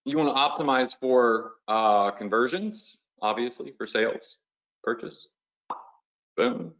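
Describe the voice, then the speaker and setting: A man's voice: mid-range voice, a little slow, a bit bright, lo-fi sound. A man hosting a live webinar as an online business coach, talking in a casual, pushy, motivational way and often checking in with the audience.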